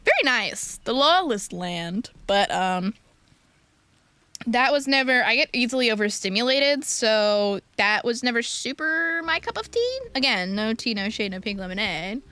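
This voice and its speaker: A woman's voice: on the high side, big pitch swings, bright, forceful tone, clean tone, dry recording. A young woman streamer, chatting casually and playfully with viewers, giggling often. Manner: giggly, playful, quick tangents. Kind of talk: casual live-stream chat reading viewer messages.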